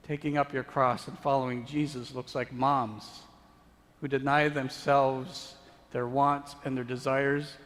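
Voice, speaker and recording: A man preaching a sermon as pastor, slow and deliberate, rising to emphatic peaks and sinking to hushed tones. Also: medium pitch. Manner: slow, building to emphatic then dropping to hushed. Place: church sanctuary. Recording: long church reverb.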